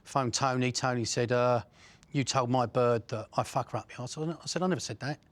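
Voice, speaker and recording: A man's voice: medium pitch, steady tone, moderate pace. A middle-aged man with an Essex accent, bluntly recounting crime stories, swearing and restarting often. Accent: Essex English. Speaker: interviewee.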